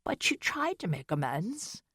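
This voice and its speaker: A woman voicing a kindly, motherly hotel keeper in an audiobook, gentle, soothing and encouraging. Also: lowish voice, big pitch swings, a little slow, husky, dry recording, clean studio sound, voice pushed up, full character voice. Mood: comforting. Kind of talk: audiobook character reading.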